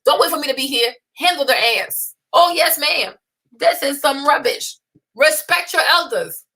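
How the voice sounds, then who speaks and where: A young adult woman hosting a talk stream, blunt and scolding, with animated rants and mocking voices when she quotes people. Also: sits high, normal speed. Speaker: host. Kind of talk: unscripted opinion livestream.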